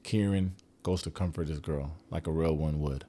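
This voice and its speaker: A man's voice: rumbling low, moderate pace, mellow. A man hosting a casual reality-TV recap, sarcastic and profane, with joking asides. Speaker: TV recap host.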